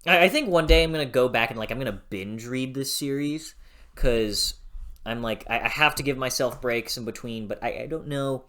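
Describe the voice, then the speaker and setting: A young adult reviewing a book in a casual vlog, rambling and gushing, then bursting into loud swearing rants. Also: medium pitch, moderate pace.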